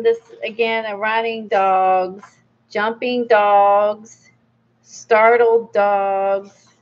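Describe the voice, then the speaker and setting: This art channel host, a middle-aged woman, talks on the high side in a laid-back book review vlog. She's chatty and meandering, dropping lots of fillers and small laughs, and the audio sounds muffled.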